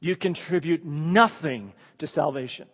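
A man preaching in an earnest, emphatic way, his voice sitting a little higher than most men's. He often sinks into a soft, hushed tone. A long reverb trails each phrase, as in a large hall. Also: unhurried, breathy edge. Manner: earnest, emphatic, often drops to a quiet hush. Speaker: pastor. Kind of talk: sermon.

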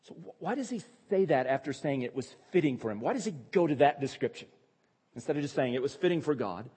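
A man's voice: medium pitch, animated, quick pace, dark tone, slightly rough, in a large hall. A male pastor preaching a sermon, emphatic and repeating key phrases for stress.

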